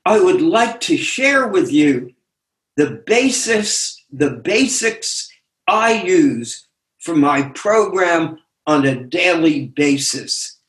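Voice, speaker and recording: An older man reads his own essay aloud at an unhurried, deliberate pace, pausing between phrases. His voice sits a little high for a man. The sound comes over a video call and carries a roomy echo. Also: sing-song, fairly bright tone. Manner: slow, deliberate reading with pauses.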